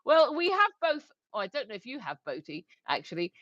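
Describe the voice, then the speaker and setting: Lively, giggly English woman. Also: high voice, brisk, dry recording. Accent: English, slightly posh. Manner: giggly, playful, teasing. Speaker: livestream co-host. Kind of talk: casual livestream chat, reading viewer comments aloud. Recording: dry, slightly dull lo-fi stream audio.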